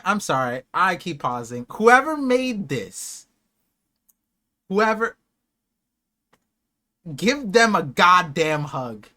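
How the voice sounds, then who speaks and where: A young man streaming a live watch party, reacting with excited, emotional outbursts that swing between hushed awe and loud shouts. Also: high voice, slow pace, long pauses.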